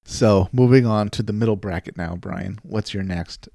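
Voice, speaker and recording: A man's voice: on the low side, normal speed, creaky, dark tone, no room sound, studio quality. A man co-hosting a casual podcast, joking and laughing often, with playful mock-dramatic asides. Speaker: co-host.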